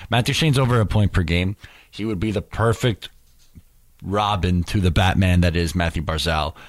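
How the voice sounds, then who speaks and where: Deep-voiced young man, wry and relaxed. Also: normal speed, no echo. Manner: relaxed, wry, leads the segments. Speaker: podcast co-host. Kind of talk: casual sports chat.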